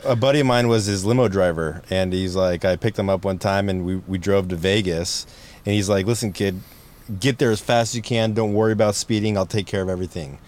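A man hosting a casual podcast, reacting briefly and telling short anecdotes in a relaxed way. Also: low voice, brisk. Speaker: podcast host.

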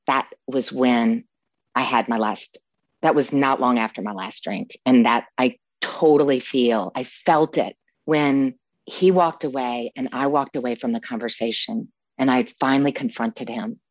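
Low-voiced heartfelt woman in her fifties. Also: no echo, highs cut off. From New Orleans, USA. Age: 50s. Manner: heartfelt, tearful yet joyful, laughs often. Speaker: guest sharing recovery story. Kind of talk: emotional personal testimony.

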